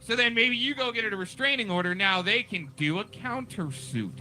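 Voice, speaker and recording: Male stream host, rambling and conspiratorial, high pitch, sharp bright tone. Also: lively intonation, normal speed, rough recording. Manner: rambling, conspiratorial, talks over the clip. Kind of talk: casual commentary on a restreamed clip.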